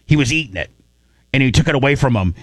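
Rambling, animated male radio host. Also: quick pace, no echo. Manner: rambling, animated, restarts and repeats words; jumps to high excited voice when quoting. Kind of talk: casual storytelling chat.

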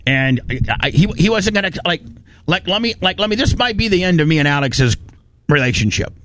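A man hosting a radio talk show, telling a story in animated bursts and ranting with lots of restarts. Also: sits high, brisk. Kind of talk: casual talk radio banter.

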